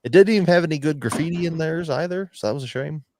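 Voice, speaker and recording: A man's voice: a little high, fast talker, heavy background noise. A man hosting a podcast, rambling and swearing as he tells stories in casual chat. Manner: rambling, profane, storytelling. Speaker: podcast host.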